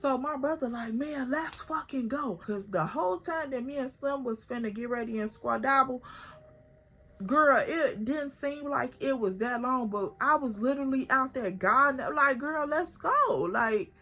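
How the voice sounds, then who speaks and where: A young woman tells a story straight to her viewers in a high, husky voice. She gets animated and acts out everyone's lines as she goes. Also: normal speed. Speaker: vlogger. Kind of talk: storytime vlog.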